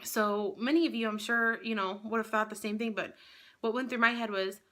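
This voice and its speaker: Bright-voiced woman telling a candid story. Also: fairly high pitch, fairly even intonation, moderate pace. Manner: candid, rambling, swears freely. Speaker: vlogger. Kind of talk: casual storytelling to camera.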